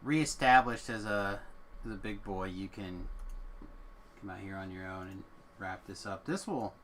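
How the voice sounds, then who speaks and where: Low-voiced man mumbling over gameplay. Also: steady tone, a little slow, fairly bright tone, a little hiss or hum. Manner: wry, mumbling asides to himself while playing. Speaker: streamer playing a game. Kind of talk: casual gameplay commentary.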